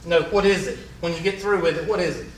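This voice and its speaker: A Southern math teacher with a fairly high voice lectures quickly, mixing folksy jokes into problem-solving. A bit of hiss or hum sits under the far-off, echoey classroom sound.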